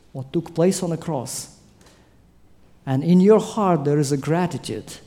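A male preacher delivering a sermon with a fairly high, warm voice. He speaks emphatically and swells to loud peaks when making his points.

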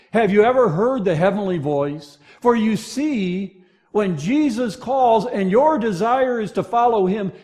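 Slow, lively-pitched male preacher. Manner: preaching with dramatic swings between loud and hushed; asks the congregation to fill in verses. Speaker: pastor. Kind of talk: sermon.

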